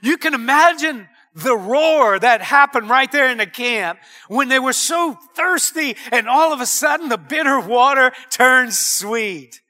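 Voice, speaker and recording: A man's voice: extremely high pitch, animated, a little slow, few pauses, pushed and bright. A man preaching a sermon as pastor, earnest and emphatic, breaking into exclamations.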